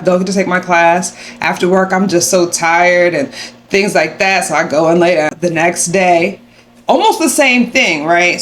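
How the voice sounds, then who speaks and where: A young adult woman sharing a personal faith testimony to camera, animated and acting out her own angry retorts. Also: lowish voice, a little hiss or hum. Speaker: faith vlogger.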